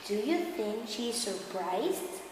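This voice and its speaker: Woman, teacher, slow story reading, animated, echoey classroom, faint hum. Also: mid-range voice. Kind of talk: reading a story aloud to children. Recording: echoey classroom with long reverb.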